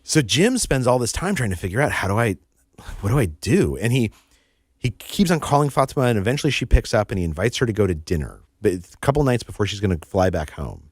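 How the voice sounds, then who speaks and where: A man appears as an author guest, his fairly low voice leaping up and down as he tells a story with animated energy. He repeats words as he builds momentum and briefly acts out the people in the story. The recording is dry and close. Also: fast talker, dry recording.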